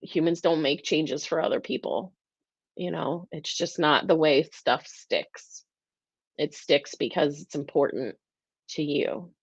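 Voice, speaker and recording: A woman hosts a live-stream talk in a fairly low voice, earnest and openly emotional, rambling through restarts. The sound is dry and a bit dull, like a lo-fi webcam mic. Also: unhurried, breathy edge, no room sound. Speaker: host.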